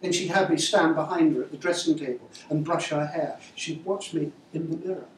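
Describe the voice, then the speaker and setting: A woman's voice: deep voice, fairly quick, slight background noise, natural voice. A man reading aloud, voicing a guarded, theatrical young woman who speaks in a dramatic, confiding way. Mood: brooding. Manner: dramatic, self-pitying, confiding. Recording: echoey room, far-off mic, faint ambience.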